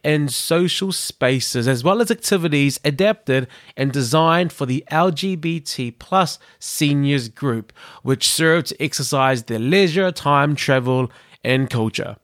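A man's voice: a little high, lively intonation, a little slow, fairly bright tone, dry recording, studio quality. A man co-hosting a podcast, chatting casually in a playful, dramatic, self-mocking way. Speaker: podcast co-host. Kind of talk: casual chat.

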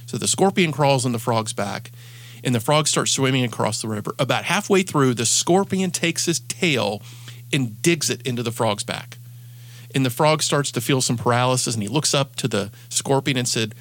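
Homem anfitrião sério e pausado. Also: male voice, mid-range voice, animated, a bit bright. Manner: earnest storytelling, frequent restarts. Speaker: podcast host and coach. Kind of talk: advice show talk.

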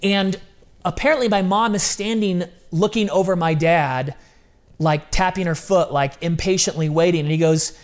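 Man, thirties, lightly high voice, animated casual storyteller, slangy chat. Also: normal speed. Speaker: guest.

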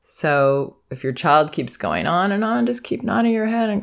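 A woman with a slightly gravelly, fry-touched voice talks through parenting advice in an unhurried monologue. She sounds gentle and reflective. Now and then she slips into the soft, soothing phrases a parent might say to a child. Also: on the low side, very animated. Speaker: parenting educator and podcast host.

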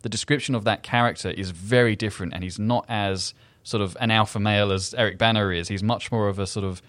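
A man talks quickly and chattily about a film, often restarting and interrupting himself. His voice sits a little low and dry, close to the mic. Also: fairly even intonation, a bit bright, no room sound. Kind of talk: casual film review chat.

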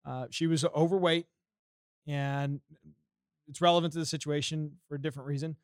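A man's voice: a little high, fairly even intonation, moderate pace, clean tone, dry recording, studio quality. A man from the United States telling a story on a podcast in a profane, heated way. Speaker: podcast co-host.

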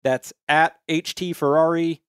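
Higher-voiced man reading listings on a podcast. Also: no echo, clean studio sound. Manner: reads listings deliberately, spelling out handles letter by letter. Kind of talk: casual podcast chat.

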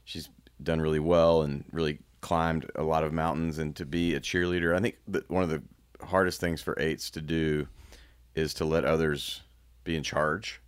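A man in his thirties talking candidly as a guest, reflective and halting, with frequent restarts. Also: very deep voice, flat delivery, clean tone. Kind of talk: candid personal conversation.

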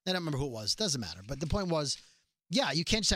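A New York man with a high, bright voice chats as a show co-host. He jumps into quick impressions of other people. The sound is dry and close. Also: no echo. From New York City. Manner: animated, mimics people in quick asides. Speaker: podcast co-host. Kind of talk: casual chat.

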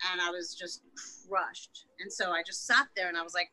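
A woman's voice: lowish voice, fairly quick, bright, forceful tone, low-quality recording. A woman guest in an interview, recounting a personal story frankly, emotionally and with plenty of swearing. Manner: frank and profane, emotional retelling.

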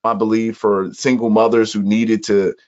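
A man from Chicago speaks as a guest in a conversation, with an earnest, reflective manner and measured pauses. His voice sits on the low side. The recording is dull and somewhat muffled. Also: flat delivery, darkish tone. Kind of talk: personal storytelling in conversation.

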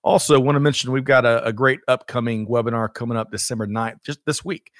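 A man's voice: mid-range voice, fairly even intonation, fast, no echo, clean studio sound. A man co-hosting a livestreamed show in casual chat, upbeat and chatty, with frequent laughs and fillers. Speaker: co-host of a livestreamed supply chain show.

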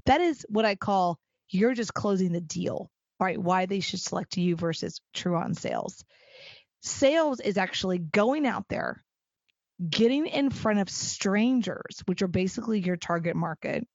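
A woman's voice: mid-range voice, no room sound. Emphatic woman podcast host, dry and dull. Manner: energetic, emphatic, acts out quoted dialogue. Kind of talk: solo podcast monologue.

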